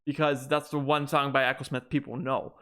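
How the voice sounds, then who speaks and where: A man's voice: medium pitch, level tone, brisk, a bit bright. A young man co-hosting a podcast, chatting casually and rambling with frequent restarts. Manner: rambling, restarts sentences often. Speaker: podcast co-host. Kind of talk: casual chat.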